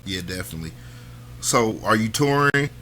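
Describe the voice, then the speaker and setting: A man's voice: on the low side, expressive, normal speed, a crowd in the background. A man from Kansas hosting a radio talk show, chatting casually in a laid-back way. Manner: laid-back, lots of "you know what I mean" and "man". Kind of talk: casual interview chat.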